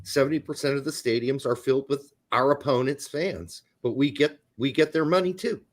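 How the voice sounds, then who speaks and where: A man with a mid-range voice speaks at normal speed as co-host of a casual soccer podcast. He rants through the sports chat with plenty of swearing.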